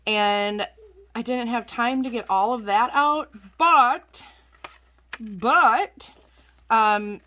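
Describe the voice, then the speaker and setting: Bright-voiced woman chatting while crafting. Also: fairly high pitch, extremely slow, pauses often. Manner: rambling, chatty, self-deprecating. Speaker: craft channel host. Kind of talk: casual chat while journaling.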